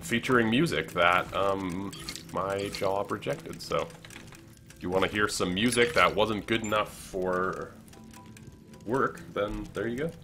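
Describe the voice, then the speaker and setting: Low-voiced chatty Canadian streamer man. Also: measured pace, pushed and bright, faint music behind. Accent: subtle Canadian. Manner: rambling, chatty, many fillers and self-corrections. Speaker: livestreamer. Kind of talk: casual gaming livestream chat, reading chat aloud.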